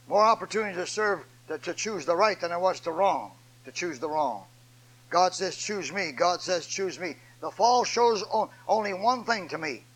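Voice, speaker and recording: High-voiced older man preaching a sermon. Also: rough recording. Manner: swings from loud shouted preaching to low folksy storytelling; repetitive, homespun delivery.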